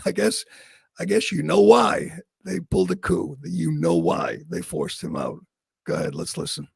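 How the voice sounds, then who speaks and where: Male talk host, sarcastic opinion commentary, high lively voice, dry close sound. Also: vocal fry, husky, no room sound. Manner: sarcastic, mocking, quick asides with laughs.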